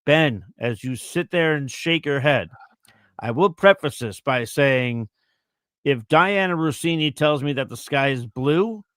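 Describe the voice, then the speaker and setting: A man's voice: fairly high pitch, animated, a little slow, a bit bright, dry recording, clean studio sound. A man co-hosting a casual fantasy football show, reading viewer questions aloud and thinking through answers with easy fillers.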